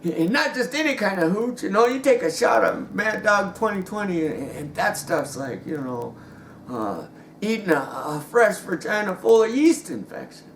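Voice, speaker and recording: A man's voice: high voice, sing-song, normal speed, a bit bright. A man telling a rambling comic story, stumbling over restarts and chuckling as he goes. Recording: roomy echo with faint ambient noise.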